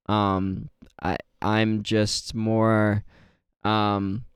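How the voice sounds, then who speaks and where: A man's voice: on the low side, flat delivery, drawn-out words, clean tone, dry recording, studio quality. A young man co-hosting a podcast, chatting casually and telling rambling, jokey stories. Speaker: podcast co-host.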